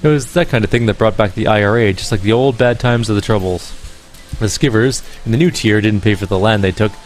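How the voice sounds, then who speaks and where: A man's voice: lowish voice, a little fast, soft background music, natural voice. A man voicing Rainbow, a brash, slangy Irish ex-park ranger woman in a game reading, with a put-on Irish accent. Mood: scornful.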